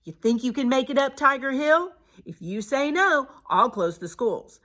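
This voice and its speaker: Woman reader putting on an anxious superintendent man, urgent questions, bright tone. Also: high voice, expressive, normal speed, voice pushed up.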